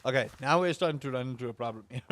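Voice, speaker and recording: A man's voice: medium pitch, background noise. A young man streaming a game, chatting casually and rambling to his chat while he plays. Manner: rambling, self-amused, talks to chat and to the game. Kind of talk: casual gameplay livestream chat.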